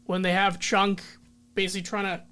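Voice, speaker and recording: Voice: medium pitch, completely flat delivery, a little fast, sharp tone, clear, resonant tone. A guest on a movie podcast with a mid-range voice talks in a loose, rambling way. They restart sentences often and slip into acted-out quotes from scenes. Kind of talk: casual movie discussion.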